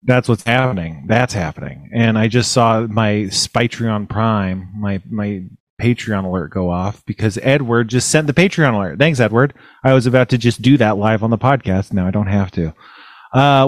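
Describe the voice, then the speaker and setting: A man hosting a casual comedy podcast, talking in a deadpan, self-mocking, rambling way into a studio mic. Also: lowish voice, normal speed, dry recording. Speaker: podcast host.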